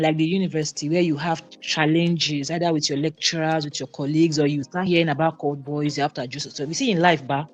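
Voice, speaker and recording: A panelist with a Nigerian accent in a heated debate, building the argument step by step. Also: medium pitch.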